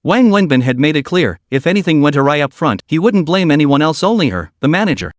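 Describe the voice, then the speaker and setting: A man narrating a comic recap in a steady storytelling manner. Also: a little high, fast talker, no room sound, clean studio sound. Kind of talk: scripted narration.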